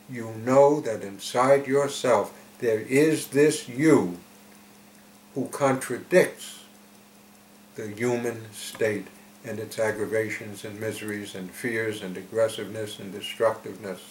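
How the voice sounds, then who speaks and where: Slow, deliberate man giving a spiritual talk. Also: lowish voice, fairly even intonation. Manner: slow, deliberate storytelling with emphatic swells. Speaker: spiritual teacher. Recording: echoey room with faint noise.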